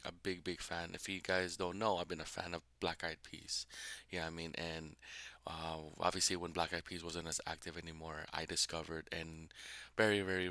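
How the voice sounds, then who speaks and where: A man's voice: sits low, bright, forceful tone, no echo. A man hosting a music reaction video, talking casually and emotionally with many fillers.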